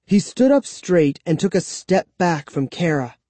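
A man narrating a spooky children's story as an audiobook, in slow, expressive storytelling. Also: sits high, no echo.

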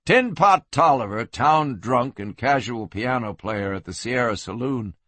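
A man narrating a western story in lively scripted narration. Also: mid-range voice, unhurried, no echo. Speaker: audiobook narrator.

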